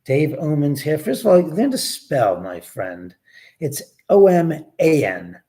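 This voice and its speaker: With a warm, sing-song voice on the high side and a slow pace, a man runs a casual home livestream. He rambles, swears freely, and splits his attention between his dog and his viewers.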